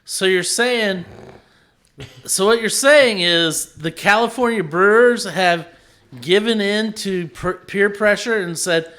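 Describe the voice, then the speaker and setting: A man's voice: high-pitched, takes it slowly, sharp tone. A man co-hosting a casual podcast chat, asking pointed questions in an exasperated way. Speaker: podcast co-host.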